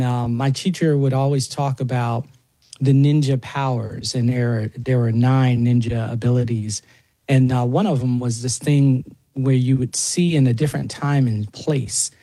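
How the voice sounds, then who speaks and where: A man's voice: mid-range voice, dark tone, dry recording. A man in his forties, a ninjutsu teacher, telling personal stories in an interview with plenty of fillers and restarts. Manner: rambling, many fillers and restarts. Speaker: interview guest. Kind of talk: casual storytelling interview.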